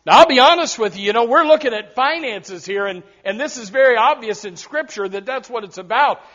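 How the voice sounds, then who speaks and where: A man's voice: extremely high pitch, animated, brisk, fairly bright tone. A man preaching a sermon as pastor, emphatic and repetitive, with frequent direct asides to his congregation. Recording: dull lo-fi sermon recording.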